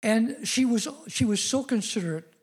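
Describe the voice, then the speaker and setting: A man's voice: extremely high pitch, lively intonation, moderate pace, husky. A middle-aged man preaching a sermon, telling personal stories in an earnest way that rises to emphatic declarations.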